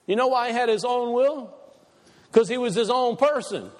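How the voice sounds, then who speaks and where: A man's voice: extremely high pitch, normal speed. A man preaching a sermon to a congregation, asking them questions, with folksy Southern turns of phrase. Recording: long hall reverb.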